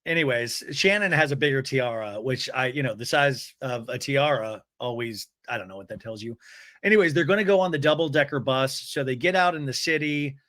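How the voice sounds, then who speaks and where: A man hosting a comedic recap, animated, slipping into high campy impressions of the people he retells. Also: brisk, no echo, clean studio sound. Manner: animated, mimics cast members in high campy voices. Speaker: podcast host recapping reality TV.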